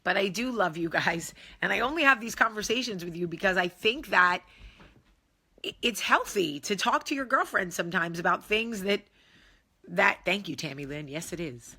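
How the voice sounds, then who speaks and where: Jersey woman host, bright forceful voice, blunt and jokey, casual live chat. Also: mid-range voice, animated, moderate pace, breathy edge. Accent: New Jersey. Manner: candid, jokey, blunt, sometimes profane.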